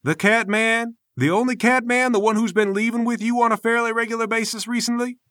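A man's voice: very high voice, fairly even intonation, a little fast, a bit bright, no room sound, studio quality, voice pushed up. A man voicing a pompous, heavyset male temple master who speaks in a haughty, formal way.

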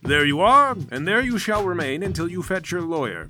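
A man's voice: high voice, sing-song, moderate pace, sharp tone, soft background music, voice pushed up, heavily acted. A man voicing an officious male city guard corporal who speaks curtly and formally. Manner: curt, formal.

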